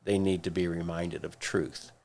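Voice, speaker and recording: A man with a low, gravelly voice talks through ideas on a church podcast. He explains in a steady, measured way, pausing now and then to gather his thoughts. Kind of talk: casual podcast discussion.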